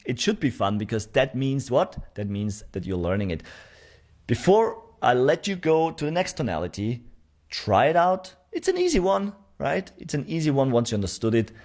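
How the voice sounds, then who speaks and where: A man's voice: medium pitch, big pitch swings, normal speed, a little mellow. A man teaching a sales course, demonstrating question tonalities and checking in often with the learner. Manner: talks straight to the learner, checking with "right?". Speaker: sales trainer. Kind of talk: online course lesson.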